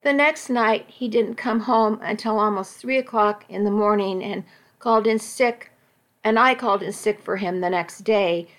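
A woman narrating a first-person story in a steady, reflective reading voice. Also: medium pitch, normal speed.

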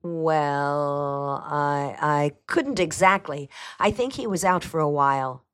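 A woman reading aloud, voicing a nervous middle-aged housekeeper with a sharp, high-pitched voice and an evasive, hesitant way of answering. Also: slow pace, clear, resonant tone.

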